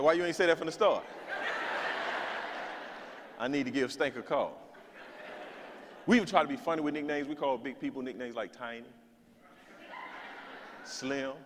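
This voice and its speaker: A man's voice: medium pitch, brisk, long pauses. Guy cracking jokes at a keynote, roomy hall echo, noisy crowd space. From South Carolina. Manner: playful, conversational, teasing the audience. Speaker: keynote speaker. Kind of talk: stand-up style keynote comedy. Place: conference stage. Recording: reverberant hall with background noise.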